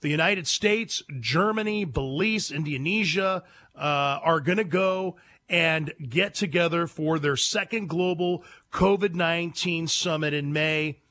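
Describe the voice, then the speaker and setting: A man's voice: fairly high pitch, a little slow, pushed and bright. A man hosting a talk radio show, giving an emphatic, indignant monologue into a studio microphone. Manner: emphatic, indignant, takes calls.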